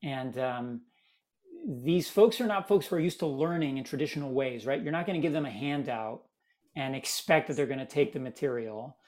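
A man from Miami, a guest in an interview, telling stories in a lively, casual way. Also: mid-range voice, normal speed. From Miami, United States. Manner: animated, acts out quoted voices. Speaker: guest, theater maker.

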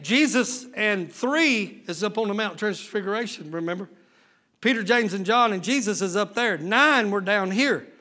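A man preaching, his voice pitched unusually high and bright. He delivers his sermon slowly and deliberately, dropping to low retellings of scripture before climbing into shouted calls to the congregation. His talk is folksy, full of rhetorical questions. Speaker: pastor.

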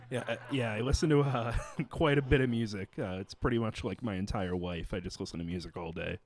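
A young man chatting as a podcast guest, halting with lots of fillers and restarts. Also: fairly low pitch, darkish tone. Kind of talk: casual chat.

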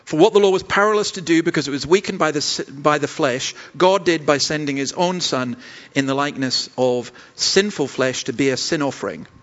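A man's voice: on the high side, fairly quick, fairly bright tone, dull audio. A Scottish man, a pastor preaching a sermon, earnest and self-deprecating, with stumbling restarts. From Scotland.

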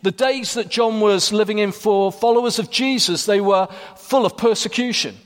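A man's voice: high-pitched, normal speed. A man from Wales, preaching a sermon and reading scripture, talking in a loose, conversational way with many fillers and restarts. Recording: long reverb of a hall.

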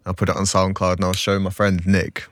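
A man's voice: sits low, monotone, fast, dry recording, clean studio sound. A young man hosting a casual radio chat, telling anecdotes and laughing often. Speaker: radio show host.

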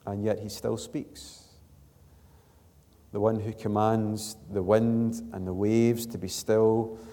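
A man preaching a sermon as pastor, his voice slightly strained, earnest and building to emphatic peaks before dropping soft. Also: on the low side, level tone, slow pace, long reverb tail. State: struggling voice. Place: church.

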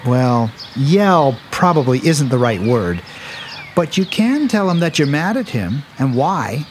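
Gentle dad, patient, explains things, lively up and down voice, family audio drama. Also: male voice, medium pitch, measured pace, slight background noise.

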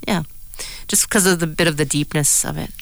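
A woman's voice: sits low, fairly quick, creaky, no echo. A woman co-hosting a radio talk show, chatting casually with her brother and often trailing off mid-sentence. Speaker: radio co-host. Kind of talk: casual chat.

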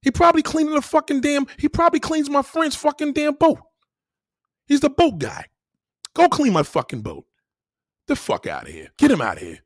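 A man hosting a livestream, ranting loudly and profanely as he reacts to viewer comments. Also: high-pitched, no room sound, clean studio sound. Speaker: livestream host. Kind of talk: heated livestream rant.

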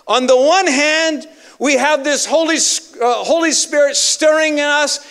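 A man's voice: extremely high pitch, measured pace, fairly bright tone. A male evangelist preaching a sermon with emphatic, dramatic storytelling.

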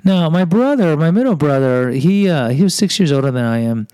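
A man's voice: fairly high pitch, lively intonation, fairly quick, dark tone, clear, resonant tone, no room sound, low-quality recording. A man from Houston, a podcast host, telling a personal story in a self-deprecating way and acting out what people said. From Houston, Texas. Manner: self-deprecating, acts out quoted voices.

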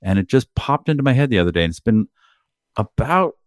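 A man's voice: medium pitch, very animated, fairly quick, no room sound, studio quality. A middle-aged man co-hosting a podcast, telling candid stories in casual chat and swearing freely. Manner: candid, profane storytelling. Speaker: podcast co-host.

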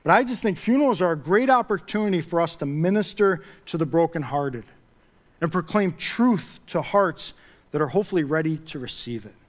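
A man's voice: on the high side, lively intonation, a little fast. A man preaching a sermon as pastor, talking conversationally and building to emphatic swells with repeated phrases.

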